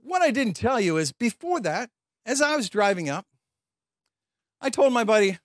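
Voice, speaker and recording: Animated high-voiced male preacher. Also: normal speed, pauses often, no room sound, clean studio sound. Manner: animated, laughing storyteller acting out voices. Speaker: pastor. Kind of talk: storytelling sermon.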